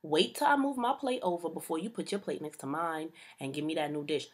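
A young woman with a husky, slightly low voice, ranting to camera in a casual, comedic style. She is sassy and exasperated and full of slang, and she keeps her delivery loose and conversational. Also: fairly quick, hardly any pauses. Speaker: vlogger.

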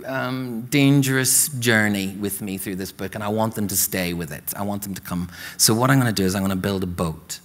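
A Northern Irish man with a lowish voice talks at length about his writing, leaning on "you know" as he goes. His voice carries a long reverb from a large hall. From Northern Ireland. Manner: talkative, peppered with "you know" fillers. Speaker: author guest. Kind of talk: conversational literary interview. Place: literature event stage.

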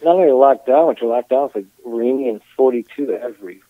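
A man's voice: mid-range voice, fast, no echo. A middle-aged man from Michigan tells stories with a wry, joking edge. He speaks in a mid-range voice over a tinny phone line with a dry sound. His talk is loose and casual, like a guest in a chat.

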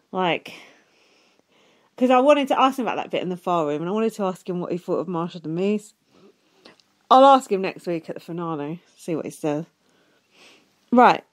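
A woman's voice: mid-range voice, darkish tone. A young woman hosting a podcast on her own, chatting casually, swearing freely, laughing often and reading listener emails aloud. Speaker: podcast host. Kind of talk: casual solo podcast chat.

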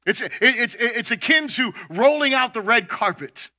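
Animated and at normal speed, a man delivers a sermon as pastor, emphatic and stumbling on repeated words while he develops each point. Quoted figures come out louder and higher in his voice.

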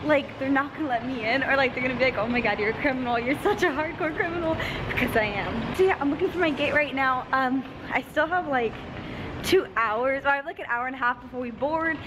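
A woman vlogging casually to camera, bubbly and excitable, often gasping and giggling as she talks. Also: high-pitched, brisk. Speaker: vlogger and streamer. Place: home room, then an airport terminal. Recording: noisy handheld vlog audio.

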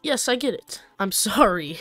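A woman's voice: mid-range voice, expressive, normal speed, a bit bright, no room sound, soft background music. A young woman hosting a gaming channel, chatting casually and jokingly with slang as she plays and reads game lines aloud. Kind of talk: casual let's-play commentary.

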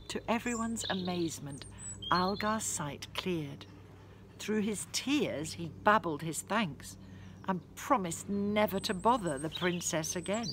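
A woman reading aloud her own children's story in a slow, deliberate storytelling way. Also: lowish voice, noisy background. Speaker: author narrating her book.

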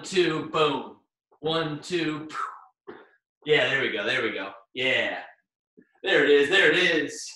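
A fitness instructor with a fairly high, bright, pushed voice leads a live online workout class. He cheers participants on by name and gets breathless while exercising along, recorded far from the mic in a very echoey room.

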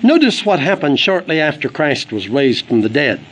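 A man's voice: fairly high pitch, sing-song, normal speed, slightly rough, poor audio. A man delivering an earnest, emphatic sermon for an audio book, quoting scripture as he preaches. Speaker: evangelist preacher.

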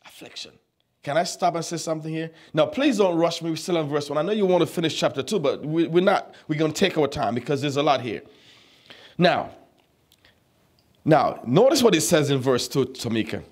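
A man in his twenties preaching a sermon, teaching the Bible with animated, teasing questions to his congregation. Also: a little high, a little fast. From U.S. Virgin Islands. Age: 20s.

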